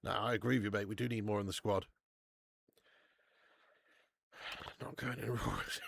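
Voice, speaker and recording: A man's voice: fairly low pitch, unhurried, creaky, long pauses, slightly rough, dry recording, studio quality. A man hosting a live football watch-along, reading out viewer messages and bantering with plenty of swearing and laughter. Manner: reads out viewer super chats.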